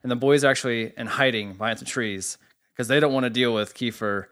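A man co-hosting a casual podcast, telling a story with animated, profane energy. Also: medium pitch, fairly quick. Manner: animated storyteller, swears freely. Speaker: podcast co-host.

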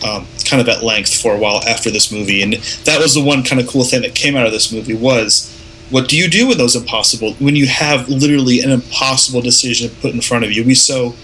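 A man in casual conversation about a movie, talking in an animated way and acting out lines of dialogue. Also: mid-range voice, quick pace, a little hiss or hum, poor audio. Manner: animated, acts out quoted lines. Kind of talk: casual film discussion.

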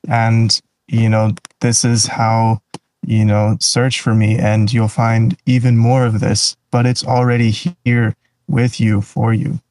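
A man's voice: fairly low pitch, level tone, slow, darkish tone, no room sound, low-quality recording. A man in a casual faith conversation, speaking reflectively with restarts and trailing phrases.

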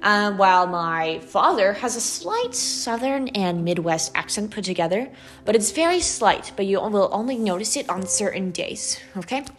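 Chatty young woman podcasting solo, valley girl accent, very animated, says like a lot. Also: medium pitch, normal speed, faint music behind. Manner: animated, chatty, heavy use of "like" and "okay". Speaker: student podcast host. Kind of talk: casual solo podcast monologue.

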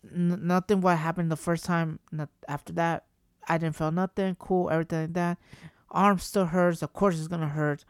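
A man's voice: fairly high pitch, normal speed, clean tone, dry recording. A man tells a story casually and loosely, stumbling over his words and restarting them. His voice sounds dry and close, with no room around it. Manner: rambling, animated, swears, repeats and restarts. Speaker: vlogger.

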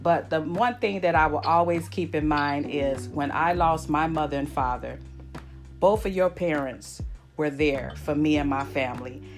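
A woman in her forties hosting a podcast, speaking with deep emotion to her lifelong friends, often repeating herself in a folksy way. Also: moderate pace, soft background music. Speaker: podcast host. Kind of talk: heartfelt casual chat.

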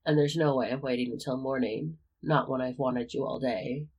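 Narrator doing a cocky young man, teasing, playful, husky tone, storybook reading. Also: medium pitch, fairly even intonation, moderate pace, a little mellow, poor audio.

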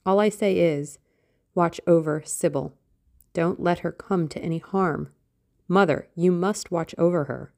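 A woman's voice: lowish voice, measured pace, creaky, a little mellow. A woman voicing a blunt, protective young sailor son who speaks in a curt, earnest way.

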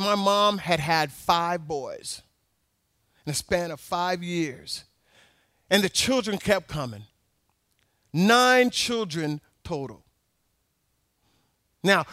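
A man's voice: high-pitched, pushed and bright, no room sound, clean studio sound. A male pastor preaching a sermon, telling personal stories with emphatic repetition.

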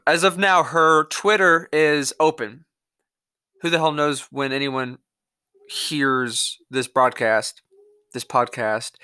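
A man's voice: medium pitch, bright, forceful tone, clear, resonant tone, no room sound, studio quality. A man hosting his own podcast, delivering an angry, profane, rambling solo rant. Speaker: podcast host.

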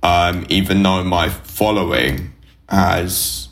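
A man from the UK with a deep, low voice co-hosts a casual podcast. He talks bluntly and frankly, swears freely and fills pauses with ums. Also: steady tone, over a noisy crowd. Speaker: podcast co-host. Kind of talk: casual chat.

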